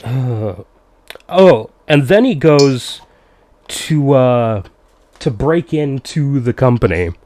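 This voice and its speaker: A man's voice: medium pitch, animated, slow, a little mellow. A man co-hosting a casual film review chat, recounting scenes and laughing often.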